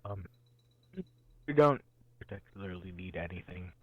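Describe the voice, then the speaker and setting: A man playing in a tabletop game, eager and excitable. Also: sits low, moderate pace, husky, no echo. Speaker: player. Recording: dull, lo-fi.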